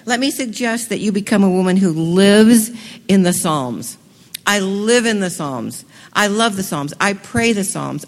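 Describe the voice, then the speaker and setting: A woman giving an enthusiastic talk to a women's gathering, moving between hushed, slow passages and excited bursts. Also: medium pitch. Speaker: speaker at a women's event. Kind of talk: sermon. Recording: long reverb of a hall.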